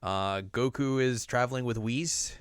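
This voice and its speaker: A young man hosting a casual podcast, recapping an anime episode and acting out the characters in high, silly voices. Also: unhurried, smooth, dry recording, clean studio sound. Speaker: podcast host.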